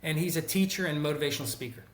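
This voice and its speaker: In an echoey room, a middle-aged former teacher and school counselor, appearing as a guest, tells stories in casual conversation with a fairly high voice at a very fast clip. He's an animated storyteller who acts out the people he quotes.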